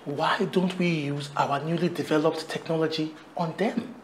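A colleague fires off questions with a light teasing edge, as a man acts him out. His voice is a little high, with faint background noise. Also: steady tone, moderate pace, lightly acted. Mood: questioning. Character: skeptical friend and colleague.

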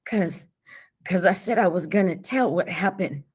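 A woman voicing a frightened, injured teenage boy who pleads and stammers in gasping, halting whispers. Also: fairly low pitch, a little mellow, breathy edge, pitched above the performer's own voice. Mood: pleading.

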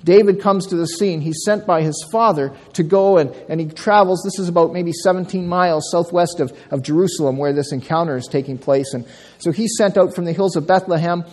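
A male pastor preaching a sermon, telling a story with lively delivery and acting out the quotes. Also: on the high side, a little fast. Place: church sanctuary. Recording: long church reverb.

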